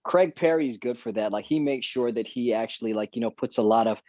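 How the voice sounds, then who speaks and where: A man talks through a video call, relaxed and joking as he tells stories from his career. His voice comes through dull and dry, with little room sound. He speaks at an ordinary pitch. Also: brisk, no room sound. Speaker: actor guest. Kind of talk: casual podcast chat.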